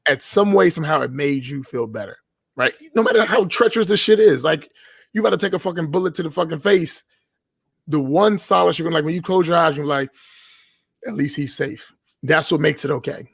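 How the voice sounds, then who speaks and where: Guest spot: emphatic, profanity-heavy man, voice a bit high, close dry mic. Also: brisk, gravelly, slightly rough, no room sound. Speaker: podcast guest. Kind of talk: casual podcast chat.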